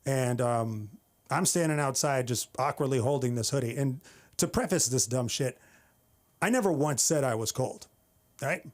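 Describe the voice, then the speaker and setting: A man's voice: medium pitch, moderate pace. A man from the Bay Area, doing a wry, exasperated open-mic stand-up set on a comedy club stage. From San Francisco Bay Area. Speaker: stand-up comic.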